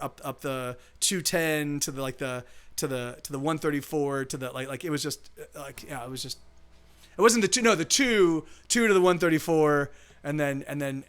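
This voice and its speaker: High, bright-voiced rambling man. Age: adult. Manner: rambling, profane storyteller. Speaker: musician streaming live. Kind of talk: casual chat between songs.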